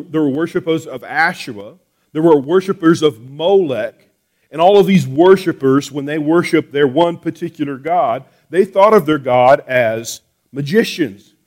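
Animated preacher man, fairly high voice. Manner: animated preaching with rhetorical questions, swings between loud and soft; repeats words and restarts phrases. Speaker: pastor. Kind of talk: sermon.

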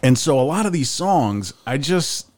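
Male co-host, animated pitch, hesitant, faint music underneath. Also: moderate pace. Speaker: podcast co-host. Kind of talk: casual chat.

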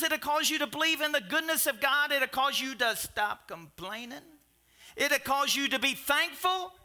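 Bright lively older male preacher. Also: very high-pitched, normal speed. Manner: rambling, animated, with asides and restarts. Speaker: pastor. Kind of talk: sermon storytelling.

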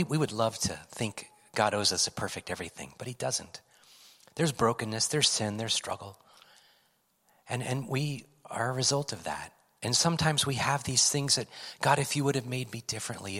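Middle-aged pastor preaching in a reverberant hall. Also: male voice, mid-range voice, husky. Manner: swings between loud emphatic lines and hushed whispers. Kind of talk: sermon. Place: church sanctuary.

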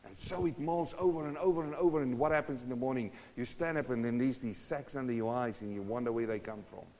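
A male preacher giving a sermon, swinging from hushed to loud and asking the congregation question after question. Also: medium pitch, fast talker. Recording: long hall reverb.

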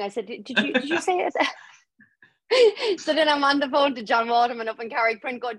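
A young adult Irish woman telling her story as a podcast guest, lively and laughing as she acts out what people said. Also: fairly high pitch, a little fast, no room sound. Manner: lively, laughing storyteller acting out quoted voices. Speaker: guest author. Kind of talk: storytelling interview.

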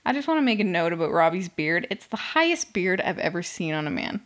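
A woman's voice: fairly low pitch, big pitch swings, a little fast, fairly bright tone. A young woman hosting a podcast, talking casually and sarcastically about a reality show, swearing often and filling with "like". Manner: sarcastic, swears a lot, fills with "like". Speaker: podcast host. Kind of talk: casual reality-TV recap monologue.

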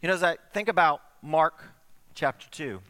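A man's voice: on the high side, normal speed, pushed and bright, long reverb tail. A man preaching a sermon, telling a story with acted-out dialogue.

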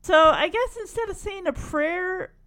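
A woman's voice: very high-pitched, measured pace, fairly bright tone. A woman casually retelling a cartoon story in a chatty, opinionated way, full of asides. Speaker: cartoon recapper.

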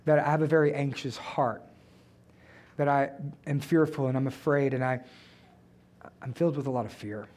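A man's voice: medium pitch, steady tone, moderate pace, pauses often, a little mellow. A man preaching a conversational sermon who keeps asking the listeners rhetorical questions.

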